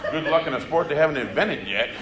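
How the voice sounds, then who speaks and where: Man, stand-up comic, high voice, teasing crowd work, echoey club, crowd noise. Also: lively intonation, quick pace. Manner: teasing, chatty, talks to the audience. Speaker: stand-up comedian. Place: comedy club stage. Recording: echoey live venue with crowd.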